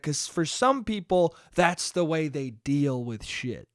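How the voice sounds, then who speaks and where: A man's voice: on the high side, lively intonation, a little slow, few pauses, dry recording, clean studio sound. A young man hosting a solo podcast, ranting casually with exasperation and plenty of profanity. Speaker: podcast host.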